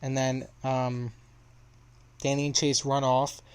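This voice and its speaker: A man's voice: medium pitch, little pitch movement, slow, a little mellow, clean tone. A young man casually retelling a story in a rambling way, with lots of fillers and restarts.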